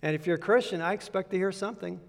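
A male pastor delivers a sermon in an earnest, conversational way, driving points home by repeating them. His voice sits a touch high for a man. The sound carries the long reverb of a large hall. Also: racing, creaky. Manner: earnest, conversational preaching with emphatic repetition.

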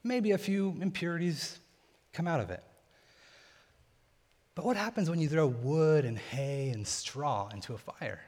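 A man's voice: a little high, expressive, a little slow, long pauses, a little mellow. Young male pastor, conversational sermon in a reverberant hall. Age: young adult. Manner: casual, conversational teaching.

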